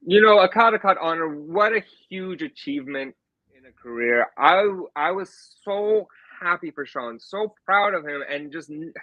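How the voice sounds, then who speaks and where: Guest author type, man, high and bright, lively storyteller, dry close sound. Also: dry recording, dull audio. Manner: animated storyteller, quick restarts. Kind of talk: casual anecdote telling.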